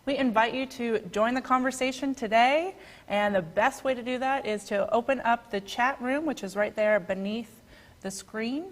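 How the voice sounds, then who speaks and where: A woman hosting an online class, explaining in a clear, brisk, instructive way how viewers can follow along. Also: on the high side. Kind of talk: scripted tutorial narration.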